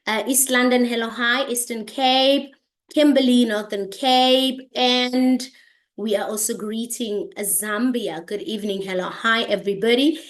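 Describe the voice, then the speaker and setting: A woman's voice: a little high, steady tone, measured pace. A woman hosting an online business presentation on a video call, greeting attendees by place with lots of energy. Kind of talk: upbeat online meeting presentation.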